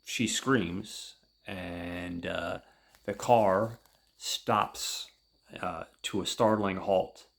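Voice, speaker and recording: A man hosting a podcast, recapping a comic book in a casual, halting way with many fillers. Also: deep voice, steady tone, creaky. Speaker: podcast host.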